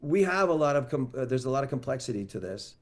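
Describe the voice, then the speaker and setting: A man's voice: medium pitch, lively intonation, quick pace. A man answering as an interview guest, confident and opinionated about the sport.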